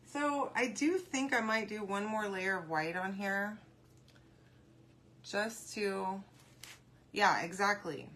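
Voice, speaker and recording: A woman's voice: mid-range voice, slow pace, long pauses, a bit bright. A woman hosting a casual crafting tutorial, chatting and rambling to viewers as she paints and answering their comments aloud. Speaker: craft video host.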